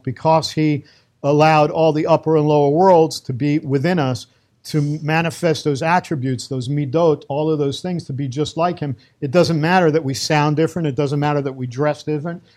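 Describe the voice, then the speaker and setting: Speaking with a New York accent, a middle-aged Brooklyn man teaches Torah emphatically and conversationally, weaving in Hebrew terms. His voice is a little high with a darkish tone.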